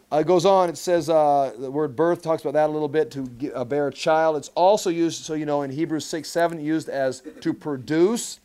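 A man's voice: a little high, darkish tone. A man teaching a Bible study sermon, emphatic, repeating key phrases and often restarting mid-sentence.

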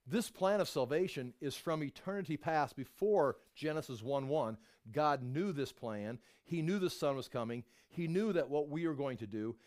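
A middle-aged man preaching a sermon, telling Bible stories with lively acted-out voices. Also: fairly high pitch. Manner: animated storytelling, acts out voices of biblical figures. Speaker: pastor.

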